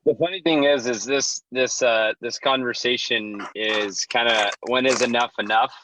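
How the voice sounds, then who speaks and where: A man's voice: mid-range voice, fairly even intonation, normal speed, pushed and bright, a little hiss or hum. A man in a group discussion, talking hesitantly and reflectively, with many restarts. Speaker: participant. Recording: dull, dry close recording.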